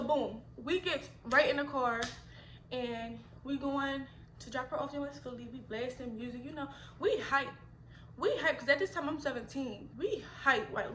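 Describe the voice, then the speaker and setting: A woman, telling a storytime vlog in an animated, chatty, slangy way. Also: on the high side, echoey room, a little hiss or hum. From Philadelphia. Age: 20s. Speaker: vlogger.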